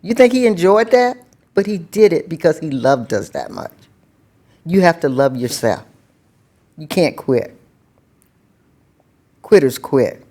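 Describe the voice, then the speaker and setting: A woman's voice: extremely low pitch, very animated, takes it slowly, pauses often, warm tone. An older woman speaking as a guest in casual conversation, plainspoken and folksy, giving firm advice. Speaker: guest, host's mother.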